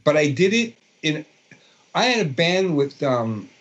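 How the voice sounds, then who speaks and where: The guest guitarist, a man in his sixties from Brooklyn, New York, with a Brooklyn accent, rambles through stories in a casual interview with many fillers and restarts. His voice is fairly high and a bit bright, very animated but unhurried. The highs of the recording are cut off.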